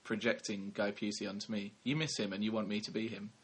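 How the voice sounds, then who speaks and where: A man's voice: lowish voice, level tone, fast, very noisy. A young man co-hosting a film podcast, rambling wryly in casual chat and correcting himself. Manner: wry, rambling, self-correcting. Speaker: podcast co-host, film critic.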